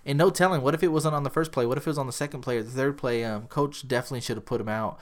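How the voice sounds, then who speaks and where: A man's voice: medium pitch, very fast. A young man hosting a podcast, telling a story casually, swearing and acting out the quotes. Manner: profane, animated, acts out quotes. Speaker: podcast host.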